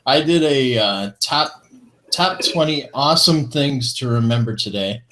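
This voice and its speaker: A man's voice: medium pitch, expressive, a little slow, a bit bright, a little hiss or hum. A man co-hosting a casual online talk show, reading a feel-good list aloud with chuckles and corny jokes. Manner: upbeat, chuckling between items, fond of corny jokes. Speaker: co-host of a vaping talk show.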